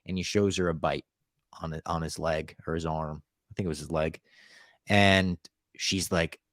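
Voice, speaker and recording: A man co-hosting a podcast, retelling a show's episode in relaxed storytelling. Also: deep voice, moderate pace, dry recording, studio quality. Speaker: podcast co-host. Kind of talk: casual recap of a show.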